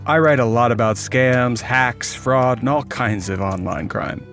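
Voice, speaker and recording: A man co-hosting a podcast about online crime, telling stories in a chatty, animated way. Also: medium pitch, measured pace, soft background music. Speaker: podcast co-host. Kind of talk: casual podcast chat.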